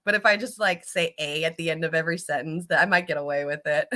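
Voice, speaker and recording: Californian woman host, casual stream chat, lower register, bright edge, laughs a lot. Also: fairly quick. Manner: chatty, laughs often, rambling.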